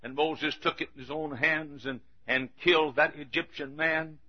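An older man in his sixties preaching a sermon, telling folksy stories and rising to shouted emphasis, with a husky voice. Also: fairly high pitch, fairly even intonation, moderate pace. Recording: dull lo-fi recording.

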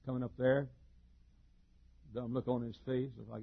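A male pastor preaching a folksy, joking sermon, chuckling often and swinging between loud and soft. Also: mid-range voice, steady tone, slow pace, vocal fry, long pauses, slightly rough. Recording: dull lo-fi sermon recording.

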